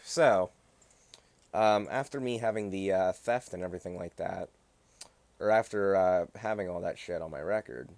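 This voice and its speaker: A man's voice: sits low, moderate pace, darkish tone, no room sound. A young man from Pennsylvania telling a personal story on a livestream in a rambling, profane, indignant way, with many fillers.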